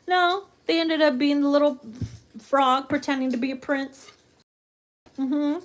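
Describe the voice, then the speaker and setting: A woman giving a casual tarot reading, brash and profane, theatrical and quick to laugh. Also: high-pitched. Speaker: tarot reader.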